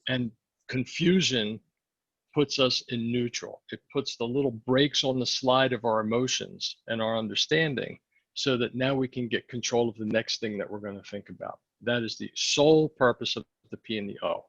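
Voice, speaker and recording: A man coaching salespeople in a training session, hoarse and losing his voice, often checking the group follows him. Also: mid-range voice, moderate pace, a bit bright, no echo, lo-fi sound. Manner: coaching, asks the group questions. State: losing his voice, clearing throat.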